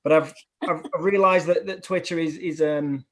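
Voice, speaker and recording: A man's voice: on the high side, steady tone, normal speed. A man with a northern English accent, a primary head teacher speaking on a webinar panel in an upbeat, emphatic way. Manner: upbeat, emphatic, repeats words when starting a thought. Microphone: remote video call.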